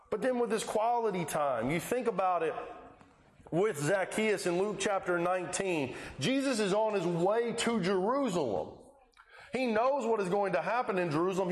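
A man's voice: sits high, echoey room. A man preaching a sermon who tells the Bible stories and acts out the lines of their people in quoted voices. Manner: storytelling, acting out the Bible scenes in quoted voices.

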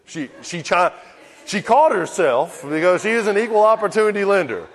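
A man preaching a sermon and reading scripture slowly and deliberately, his voice dropping low at the ends of phrases. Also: sing-song. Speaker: pastor. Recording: long reverb in a hall.

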